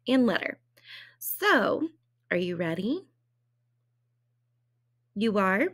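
A woman's voice: medium pitch, sing-song, very slow, pauses often, fairly bright tone. A woman teacher giving a phonics lesson to young children, drawing out sounds and asking cheerful, encouraging questions. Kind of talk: early-reading phonics lesson.

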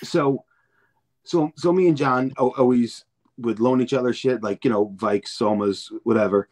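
A man's voice: medium pitch, moderate pace, darkish tone. A man, a podcast guest, telling stories in a rambling, profane way and repeating words as he acts out each scene. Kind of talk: casual storytelling chat.

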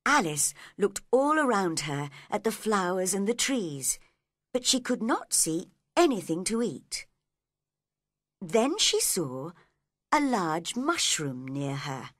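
A woman narrating a storybook read-along for English learners in a clear, slow, deliberate way. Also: medium pitch, sing-song, fairly bright tone, dry recording, clean studio sound.

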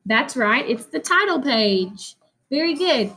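Animated woman teacher reading aloud. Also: sits high, takes it slowly, low-quality recording. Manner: animated, expressive read-aloud with teaching asides. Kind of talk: reading a picture book aloud to children.

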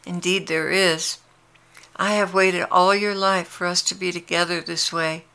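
A woman's voice: on the low side, level tone, measured pace, creaky, smooth, heavily acted. A woman voicing Jesus as a tender, longing man who speaks earnestly to his brides in a devotional dialogue. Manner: earnest, intimate, gently pleading.

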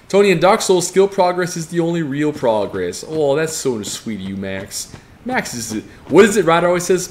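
A man's voice: on the high side, sing-song, a little fast, a little hiss or hum. A man with a strained voice giving joking, profane live commentary as he plays a game and reads chat aloud. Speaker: game streamer.

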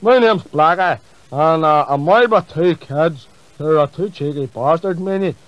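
A man voicing a loud, blunt, foul-mouthed working-class caller. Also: a little high, moderate pace, dry recording, close to an everyday voice. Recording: muffled comedy CD.

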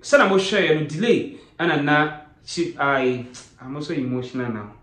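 A Ghanaian man delivers earnest, pleading commentary as host, mixing English and Twi. His voice sits a little higher than most men's. The room around him echoes. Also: lively intonation, normal speed, crowd noise. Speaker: online show host. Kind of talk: emotional commentary. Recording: roomy echoing sound.

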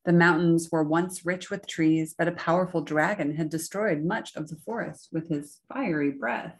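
A woman telling a picture-book story for a church audience, reading slowly and expressively. Her voice sits a little low, and she voices the story's sound effects herself. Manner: slow, expressive read-aloud with sound effects.

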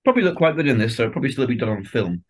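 Fast-talking joking man. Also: medium pitch, sing-song, slight background noise. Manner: quick, joking, riffs on scenes. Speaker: podcast co-host. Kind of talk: casual chat.

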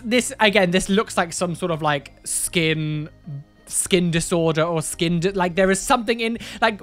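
Woman reacting to pics, laughs a lot, voice swoops way up and down, faint music behind. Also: fairly high pitch. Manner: animated, exclaiming, laughing, slangy asides. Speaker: YouTuber reacting to tattoo photos. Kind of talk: casual reaction commentary.

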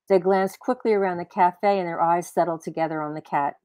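A woman's voice: lowish voice, steady tone, brisk, a little mellow, no room sound. Woman author reading her fiction, dry.

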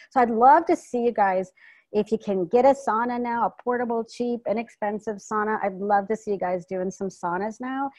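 Woman, wellness coach, enthusiastic, video call, dry sound, mid pitch. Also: a little mellow, no room sound. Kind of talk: online community health talk.

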